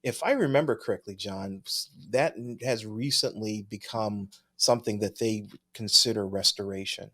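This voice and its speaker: A man's voice: on the low side, moderate pace, few pauses, pushed and bright. A man co-hosting a podcast in casual chat, easygoing, thinking aloud and chuckling often as he reads viewer mail. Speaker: podcast co-host.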